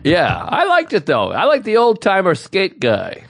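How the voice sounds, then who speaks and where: Male podcast co-host; casual banter, dry jokes, lively pitch swings. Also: a little slow, vocal fry. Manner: dry wisecracks and wordplay.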